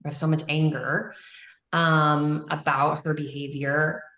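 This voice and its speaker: A woman on a group call, sharing candidly and haltingly, with many pauses and fillers. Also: low voice, flat delivery, fairly bright tone, highs cut off. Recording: echoey room.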